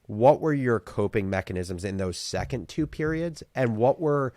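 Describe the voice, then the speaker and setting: A man hosting an interview, calmly summarizing and posing questions. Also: mid-range voice, normal speed, slight background noise. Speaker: podcast host. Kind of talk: interview conversation.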